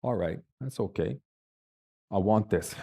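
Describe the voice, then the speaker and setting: A man's voice: on the low side, measured pace, creaky, dark tone, slightly rough. A man on a panel telling a personal story in a vivid, dramatic way with big swings in emphasis. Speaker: panel speaker.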